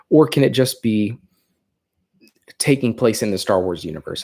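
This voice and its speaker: A man with a Californian accent hosting a casual livestream, thinking aloud and rambling with fillers. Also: on the low side. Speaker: livestream host.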